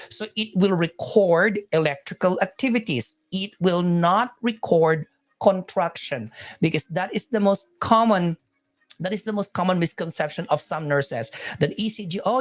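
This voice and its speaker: A woman lectures on nursing exam topics in a lowish voice. She loops back to repeat each point and corrects herself mid-sentence. She breaks off to chat with viewers, then carries on teaching. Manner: repetitive, self-correcting, chatty with viewers. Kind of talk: live-streamed teaching.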